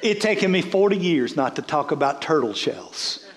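A man's voice: fairly high pitch, expressive, normal speed, reverberant. A man, a bishop, preaching a folksy sermon, repeating words as he builds.

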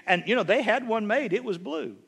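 A man's voice: high voice, lively intonation, a little fast, creaky, fairly bright tone, slightly rough. A man preaching a sermon as a bishop, folksy and humorous, telling stories that build to emphatic bursts.

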